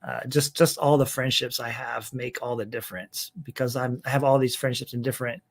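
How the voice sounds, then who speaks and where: A man's voice: medium pitch, flat delivery, fairly quick. Earnest man, pastor guest. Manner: earnest, listing things with repeated phrases. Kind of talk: casual interview talk.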